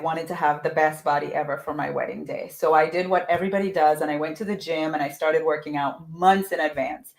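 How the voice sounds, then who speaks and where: Emphatic woman coaching manifestation. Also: sits low. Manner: emphatic, repeats phrases for effect. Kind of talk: motivational live talk.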